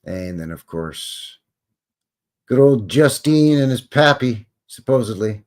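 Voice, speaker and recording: A man's voice: medium pitch, animated, takes it slowly, a little mellow. A man hosting a live stream, talking casually over old photos with joking, rambling, wry asides. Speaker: livestream host.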